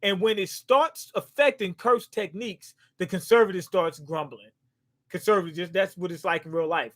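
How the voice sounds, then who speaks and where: Reading a comic out loud at normal speed, this man reacts as he goes in a high, bright-pitched voice. As a manga reaction host he gets excited, erupts at the big moments, and trips over tricky names.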